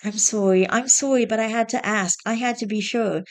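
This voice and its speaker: A woman reading aloud and voicing a gentle young wife who speaks softly and sounds hurt. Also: fairly high pitch, lively intonation, normal speed, voice pushed up, close to an everyday voice. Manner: soft, hurt, pleading.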